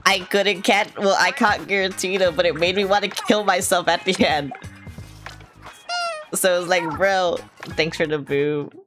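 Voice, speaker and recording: A young woman with a notably low, dark-toned voice streams a video game. She rambles casually, swears freely and reacts with dramatic exclamations. Game music plays clearly under her voice. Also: steady tone, moderate pace. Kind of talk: casual gaming livestream chat. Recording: music playing over the voice.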